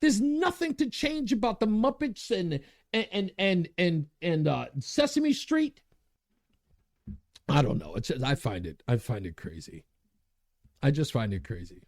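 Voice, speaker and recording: A man hosting his own show, talking in an excited, worked-up way and laughing at himself. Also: measured pace. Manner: worked-up, laughing at himself, big pitch swings. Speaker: radio show host. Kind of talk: animated commentary monologue.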